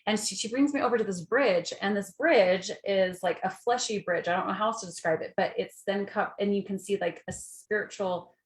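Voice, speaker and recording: A woman's voice: medium pitch, a little fast, few pauses, roomy sound. A woman, a bereaved mother, telling her story as a guest in an earnest, descriptive way, with vivid images. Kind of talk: personal storytelling.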